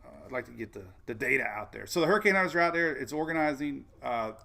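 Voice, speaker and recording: A man's voice: medium pitch, expressive, fast talker, gravelly, sharp tone. A man hosting a casual weather livestream, chatty and folksy, often repeating himself and saying "man". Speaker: weather show host.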